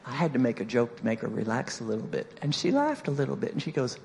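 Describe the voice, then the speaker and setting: Animated woman telling a sermon story. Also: very deep voice, quick pace, gravelly, hardly any pauses. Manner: animated, playful storytelling with acted-out quotes. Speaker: church speaker.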